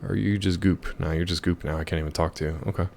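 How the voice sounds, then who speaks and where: An American man with a hoarse, gravelly voice from a week of yelling, chatting casually while streaming a game and reading chat. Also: low voice, fairly even intonation, fast talker. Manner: rambling, jokey, reads chat aloud.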